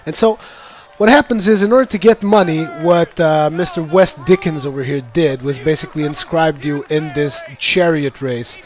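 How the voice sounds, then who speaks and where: A man with a somewhat high voice narrates his own gameplay in a relaxed, chatty way. He laughs easily and acts out his own in-game reactions as he goes. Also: normal speed. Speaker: gameplay commentator. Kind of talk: casual gameplay commentary.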